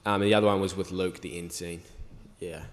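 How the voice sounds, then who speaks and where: Young man, low voice, hall echo. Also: a little fast. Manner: relaxed, rambling, many fillers and restarts. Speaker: actor guest on a convention panel. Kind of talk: panel Q&A answers. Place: large convention hall stage. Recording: reverberant convention hall.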